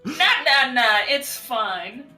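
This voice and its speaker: Bright, slow-talking woman player in a roomy space. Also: high voice, lively intonation, far from the mic, soft background music. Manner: joking, blunt, laughs while talking. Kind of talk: casual tabletop role-play.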